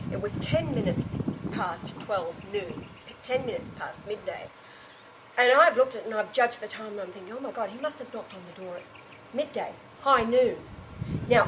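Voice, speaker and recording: A woman with a mid-range voice tells a personal story to a small group, swept along by it. She exclaims, restarts her sentences, and breaks into laughter or tears. A faint ambient hum sits behind her. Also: mid-range voice. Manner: animated and emotive, with frequent exclamations and restarts; laughs and tearful breaks while telling. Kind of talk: emotional personal anecdote.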